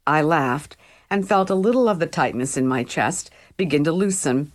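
A woman with a low voice narrates a first-person novel for an audiobook. Her reading is wry and conversational, like telling a friend a story. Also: animated, normal speed.

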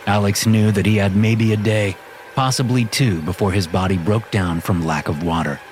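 Low-voiced man narrating a horror story. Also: a little hiss or hum. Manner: steady, measured storytelling. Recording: music playing behind.

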